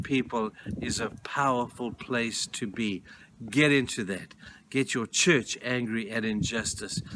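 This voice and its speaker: Earnest preaching man, noisy recording. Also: medium pitch. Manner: earnest, emphatic preaching, urging listeners. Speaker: pastor. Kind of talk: devotional sermon.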